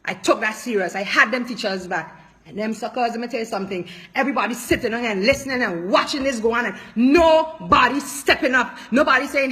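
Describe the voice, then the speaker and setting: A woman's voice: fairly high pitch, brisk, pushed and bright. A woman politician giving an impassioned, emotional public statement, speaking emphatically and repeating her points.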